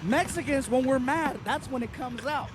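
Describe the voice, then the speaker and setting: A man doing stand-up comedy on a theater stage, with an animated, playful storytelling delivery into a handheld mic. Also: extremely high pitch, normal speed, background noise. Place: theater stage before an audience.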